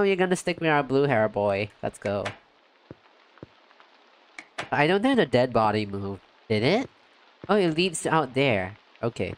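A male game streamer who talks slowly and loosely, full of "yo" and "like", with bursts of high excitement when he greets his chat. Faint rain patters in the background behind his desk mic. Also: a little hiss or hum. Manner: chatty and excitable, lots of "yo" and "like". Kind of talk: casual let's-play commentary.

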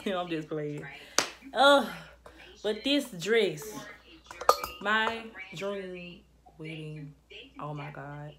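A woman's voice: on the low side, animated, drawn-out words, pauses often, heavy background noise. A young woman chatting casually to camera as a vlogger, rambling and restarting often, and slightly out of breath.

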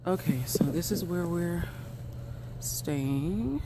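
A woman's voice: on the low side, expressive, slow, noisy background. A woman with an Atlanta Southern accent, chatting and laughing as she films a casual travel vlog on a handheld camera. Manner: giggly, chatty, laughs often. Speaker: travel vlogger. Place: small apartment, then outdoors on a cold street.

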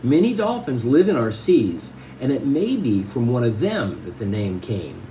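A man reading a novel aloud and stopping to explain it in relaxed, plain asides. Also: medium pitch, normal speed, slight background noise, low-quality recording.

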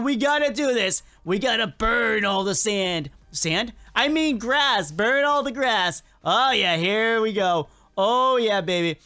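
Excitable chatty gaming commentator. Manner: excitable and chatty, talks to game characters; jokey, laughs often, swings pitch up and down. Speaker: gaming video creator. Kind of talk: casual gameplay commentary.

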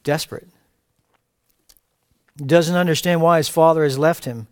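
A man preaching a sermon in a fairly high voice, recorded close and dry. He delivers it with passion, rising to emphatic, louder phrases and then dropping to quiet, low-spoken lines. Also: fairly even intonation, a little slow, dry recording. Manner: impassioned, swinging from raised emphatic cries to hushed low phrases. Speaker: pastor.

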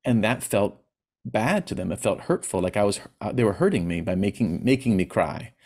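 A man's voice: on the low side, lively intonation, moderate pace, a little mellow. A man giving a personal talk on grief, speaking candidly and plainly, with hesitant restarts. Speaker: presenter.

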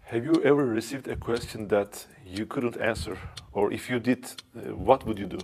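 A man's voice: on the low side, moderate pace, darkish tone, breathy edge. A man acting as interviewer, asking short prepared questions.

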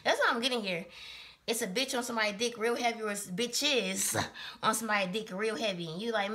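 A woman reads tarot cards in a loose, chatty way, full of slang and swearing. Her voice is bright and forward, and she stops often to laugh at and correct her own slips. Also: medium pitch, brisk, a little hiss or hum. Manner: keeps correcting herself. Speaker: tarot reader. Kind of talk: casual tarot reading for a zodiac sign.

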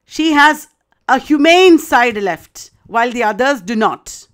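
Slow-speaking woman lecturer. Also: on the high side, expressive. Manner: deliberate, with fillers and restarts. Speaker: literature lecturer. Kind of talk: lecture summarizing a play.

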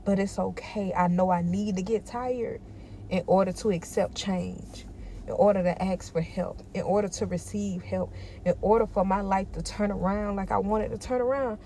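A woman's voice: medium pitch, fairly even intonation, normal speed, mellow, slight background noise. A tired woman in a personal vlog, talking emphatically and repeating herself to encourage herself. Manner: emphatic, repetitive, self-encouraging. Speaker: vlogger.

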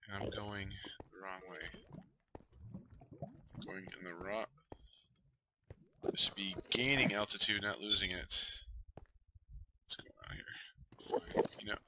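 Male gamer, lowish voice, casual mutter-to-self commentary, noisy home recording. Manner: talks to himself, mutters, flares up in frustration. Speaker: gamer streaming a survival game.

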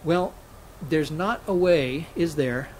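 A man's voice: a little high, slow pace, a little hiss or hum, rough recording. A man, a scholar and interview guest, explaining grammar methodically and illustrating points with spoken examples.

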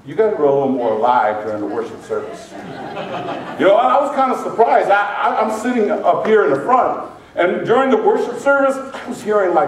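A pastor with a high voice preaches to his church, lively and joking with the congregation. The sound is roomy and echoey. He is heard from some distance, off the microphone. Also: brisk, some chatter behind. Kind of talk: sermon. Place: large church sanctuary.

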